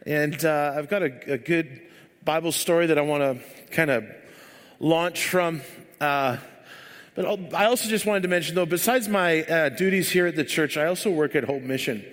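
Church speaker, man, high voice, rambling and joking, long hall reverb. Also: normal speed, a bit bright. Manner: rambling, joking, filler-heavy. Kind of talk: sermon with casual storytelling.

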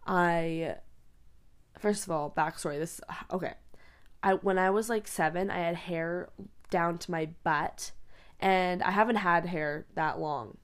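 A woman's voice: on the low side, a little slow, smooth. A young woman chatting casually in a vlog, rambling with many fillers and frequent giggles. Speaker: vlogger. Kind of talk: casual chat. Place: bedroom.

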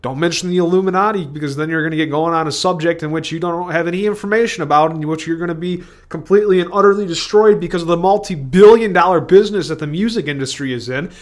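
Solo podcast host, male, higher-pitched voice, rambling and digressive monologue. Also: fast, hardly any pauses. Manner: digressive, stream-of-consciousness, self-interrupting.

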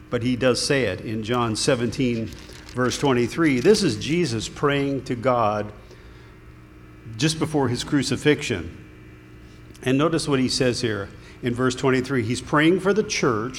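A man preaching a sermon in a conversational, earnest way, with small restarts. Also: medium pitch. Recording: long hall reverb, faint room noise.

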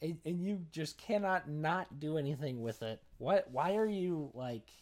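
A young man talks loosely on a casual podcast, stacking "like" and restarts as he drifts through long tangents. His voice sits a little high for a man. He sounds worn out and self-deprecating. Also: lively intonation, a little slow, a little mellow. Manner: rambling, filler-heavy, self-deprecating. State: tired. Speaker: podcast co-host. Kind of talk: casual chat.

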